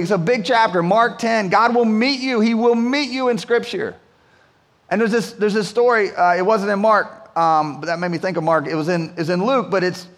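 Chatty male preacher, stammers and repeats, higher voice, long reverb. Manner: conversational, repeats words, asks the room "right?". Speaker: pastor. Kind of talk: sermon. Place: church hall.

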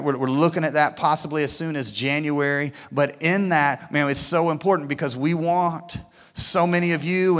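A man preaching a sermon as pastor, swinging between loud emphatic lines and hushed quiet ones. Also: a little high, long reverb tail. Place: church auditorium.

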